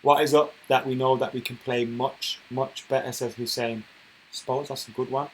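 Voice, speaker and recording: A man hosting a casual football live stream, chatting and reading viewer comments aloud, getting loud and worked up when he rants. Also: medium pitch, little pitch movement, normal speed, a little hiss or hum, low-quality recording. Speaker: football channel host reading live chat.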